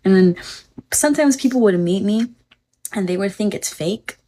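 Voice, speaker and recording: A woman's voice: mid-range voice, expressive, moderate pace, dark tone. A young woman chatting casually on a phone livestream, rambling on tangents, swearing freely and reading viewer comments aloud.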